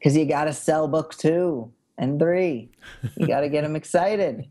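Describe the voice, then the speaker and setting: A man's voice: a little high, measured pace, warm tone. Playful man cohosting a podcast, jokey casual chat. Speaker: podcast co-host.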